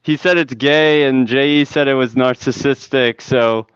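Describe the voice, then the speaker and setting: Teasing man with a smooth voice. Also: medium pitch, fairly even intonation, dry recording, highs cut off. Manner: teasing, laughs often, halting restarts. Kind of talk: casual chat.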